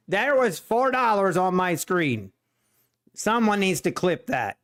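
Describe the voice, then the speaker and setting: Excitable high-voiced streamer man. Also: drawn-out words, pauses often. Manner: excitable, laughs often, repeats himself. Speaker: day-trading livestream host. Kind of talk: live stream commentary.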